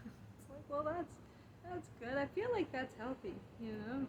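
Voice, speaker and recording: A woman giving a reflective casual monologue on her spiritual healing, chatty and quick to laugh at herself. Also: fairly high pitch, highs cut off. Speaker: spiritual vlogger. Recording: clear background insect noise.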